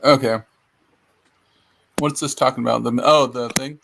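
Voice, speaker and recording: A man's voice: mid-range voice, fairly even intonation, moderate pace, vocal fry, noisy background. A man co-hosting a casual chat, agreeing hesitantly to read a passage aloud. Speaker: co-host.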